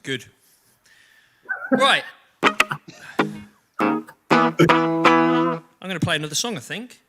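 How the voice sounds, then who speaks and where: A man in a band, chatting casually between songs in a lively way and laughing often. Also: fairly high pitch, very slow, loud music behind the voice. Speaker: band member hosting a live-streamed jam.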